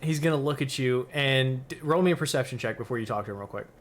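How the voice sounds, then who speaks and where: A man's voice: mid-range voice, quick pace, faint music behind. A man running a tabletop game as game master, talking casually and laughing often.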